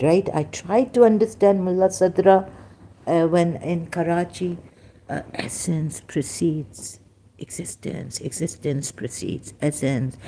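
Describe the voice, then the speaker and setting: A woman with a low-pitched, dark-toned voice and a Persian accent hosts a rambling religious commentary live stream. She speaks broken English, often halting and interrupting herself.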